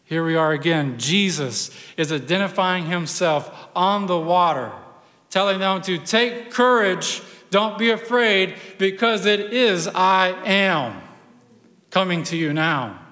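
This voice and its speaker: A pastor preaching a sermon, telling the story in a conversational, animated way with personal asides. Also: male voice, sits high, slow, in a large hall.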